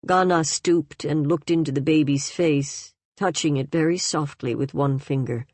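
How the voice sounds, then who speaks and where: A woman narrating a novel in a measured, even way. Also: low voice, no room sound. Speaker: audiobook narrator. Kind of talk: scripted narration.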